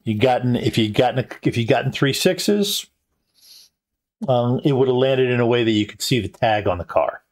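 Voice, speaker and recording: Narrating as game master during a live convention tabletop show, a man speaks expressively in a mid-range voice. His delivery is broken up by plenty of ums and restarts.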